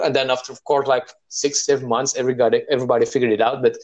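A man in a casual conversation, speaking haltingly as he searches for words. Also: medium pitch, darkish tone. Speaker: guest writer.

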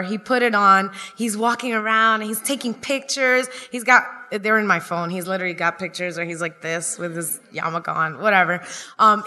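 A woman on a comedy stage tells a family story to a live audience, with a bright, forceful voice. She slips into the voices of the people in the tale, and her words ring out with a long hall reverb. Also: mid-range voice. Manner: lively, acts out the people she quotes. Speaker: stand-up comedian telling a story.

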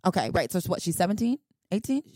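A woman hosting a podcast, talking in a casual chat with a blunt, profane, animated way of ranting. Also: fairly low pitch, quick pace, no room sound. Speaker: podcast host.

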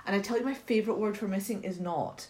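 A middle-aged woman from Britain, a mentor chatting casually and telling self-mocking stories in a lively way. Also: medium pitch, quick pace. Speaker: guest mentor. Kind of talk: casual chat.

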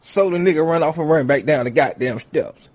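A man with a fairly high voice talks briskly through a comic story packed with swearing. He's animated and acts out each character as he goes.

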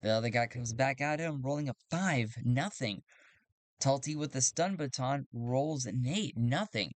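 A man's voice: mid-range voice, measured pace, dry recording. A man narrating his solo tabletop game as game master, casual and thinking aloud, correcting himself.

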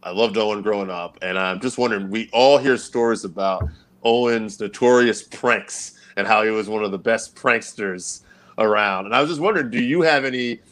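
A man's voice: lowish voice, normal speed, fairly bright tone. A man hosting an interview, asking eager, hesitant questions as a fan. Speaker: interviewer host.

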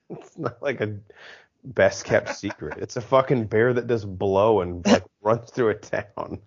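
A man's voice: on the low side, slow pace, highs cut off. A man co-hosting a casual movie commentary podcast, riffing on jokes with frequent laughter and swearing. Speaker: podcast co-host.

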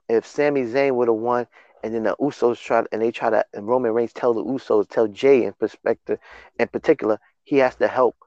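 A man hosting a casual wrestling recap podcast, excitable and full of restarts. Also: lowish voice, no room sound, highs cut off. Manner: excitable, repetitive, stumbling restarts. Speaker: podcast host.

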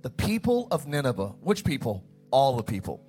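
A man preaching a sermon as pastor, animated, acting out the story's dialogue in quick asides. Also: mid-range voice, husky.

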